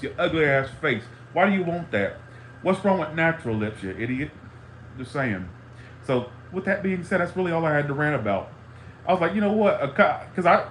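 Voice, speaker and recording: A man's voice: on the high side, fairly bright tone, a little hiss or hum. A man in an angry, profane ranting monologue, heated and repetitive, talking to a live stream audience. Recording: roomy echo, faint ambience.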